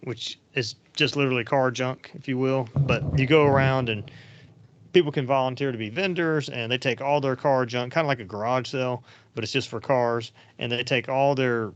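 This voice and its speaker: A man wanders through long anecdotes in easygoing podcast chat, full of fillers and asides. His voice sits at an ordinary middle pitch, and the recording is dull and lo-fi with a dry, close sound. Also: steady tone, normal speed, dry recording. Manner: rambling and anecdotal, with frequent fillers. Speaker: podcast host. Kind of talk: casual storytelling chat.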